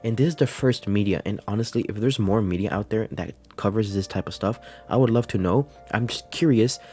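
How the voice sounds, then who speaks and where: Man, lowish voice, casual anime review, emotional, lots of fillers, faint music behind. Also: fairly quick, darkish tone. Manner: earnest, emotional, filler-heavy. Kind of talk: casual video commentary.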